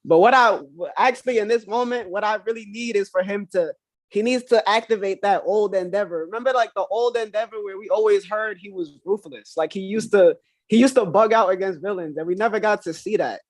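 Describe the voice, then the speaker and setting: A young man co-hosting a casual manga discussion, talking in excited, slangy banter. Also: high voice, fairly quick, no echo. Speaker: co-host.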